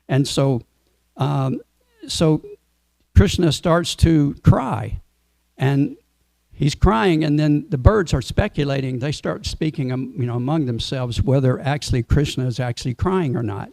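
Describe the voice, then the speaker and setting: A man with a gravelly, low-lying timbre tells a devotional story to a gathered audience. His tone is dark and mellow, and the sound is dry and close. He talks in a relaxed way and now and then asks the listeners questions. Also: measured pace, no room sound. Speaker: speaker at a temple Sunday program. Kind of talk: storytelling sermon.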